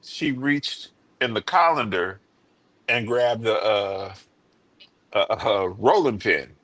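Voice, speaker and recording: A man on a live debate panel tells a long story in a husky voice. He circles back and repeats himself, and his voice sits close and dry with no room around it. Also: lowish voice, expressive, takes it slowly, a bit bright, dry recording. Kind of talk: casual live debate talk. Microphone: remote stream mic.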